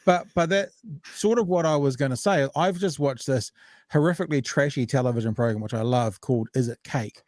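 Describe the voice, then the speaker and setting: A man's voice: mid-range voice, a little fast, darkish tone, no room sound. Chatty New man on a dry mic. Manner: rambling, self-interrupting, loose and joking. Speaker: podcast co-host. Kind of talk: casual chat.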